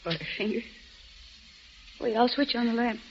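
A woman playing a weary, gentle wife. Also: on the high side, normal speed, slight background noise, close to an everyday voice. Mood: soft. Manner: soft and resigned. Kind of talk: 1940s radio acting. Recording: dull lo-fi old radio recording with music.

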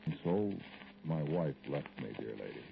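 A man's voice: extremely low pitch, very animated, normal speed, gravelly, lo-fi sound, exaggerated voice. An actor playing a haunted, brooding middle-aged man in a 1940s radio drama, narrating intensely to an unseen listener, on a hissy old broadcast recording.

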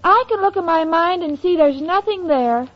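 A woman's voice: extremely high pitch, lively intonation, moderate pace. An actress playing a scatterbrained, sweet young woman in a 1940s radio comedy, speaking with a naive, literal-minded manner over a lo-fi recording. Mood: dreamy. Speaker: comic lead. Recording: lo-fi noisy old radio recording.

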